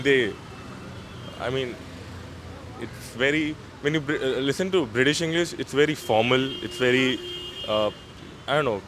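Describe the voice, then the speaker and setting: Indian man, mid-pitched, halting casual street talk, audible traffic. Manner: halting, full of fillers. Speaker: interviewee. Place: city street outdoors. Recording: clear street traffic noise.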